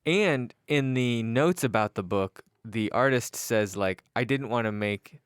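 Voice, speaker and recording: A man's voice: mid-range voice, unhurried, clean tone, no echo, studio quality. A man co-hosting a podcast, chatting casually about comics and making crude, playful jokes. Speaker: podcast co-host.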